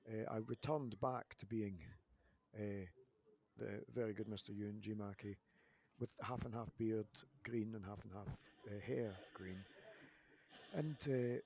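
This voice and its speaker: A man in his thirties hosting a podcast, telling long rambling stories with animated restarts in a casual chat. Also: on the low side, measured pace, gravelly. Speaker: podcast host, wrestler.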